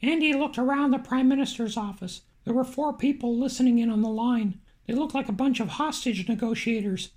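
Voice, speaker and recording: Brief: high-pitched woman, audiobook narrator, dry and wry delivery. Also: a little fast, hardly any pauses, darkish tone.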